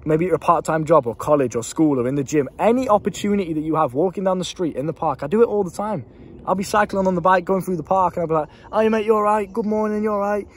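Fast-talking husky British young man. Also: a little high. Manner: swears freely, rambling and animated. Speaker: life coach. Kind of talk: casual talk to camera. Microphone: handheld camera.

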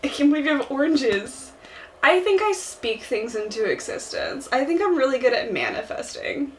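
A young woman co-hosting a game let's play, chatting casually with quick, joking banter. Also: high-pitched, sing-song, distant mic, slight background noise.

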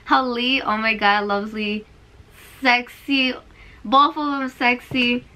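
A woman's voice: fairly high pitch, fairly even intonation, slow pace, sharp tone, slight background noise. A young woman reacting to a game trailer in a vlog, exclaiming and tearful. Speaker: video reactor. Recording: trailer music playing behind.

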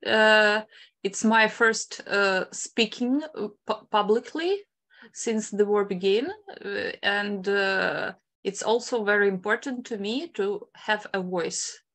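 A woman from Ukraine, a guest ceramic artist, speaking in a hesitant, halting and sincere way on a video call. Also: medium pitch, fairly bright tone. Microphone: computer mic on video call.

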